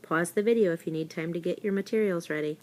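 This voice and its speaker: A woman's voice: lowish voice, fast talker. A woman teacher giving a recorded spelling lesson to young children, talking them through words and spelling them out letter by letter. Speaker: elementary school teacher.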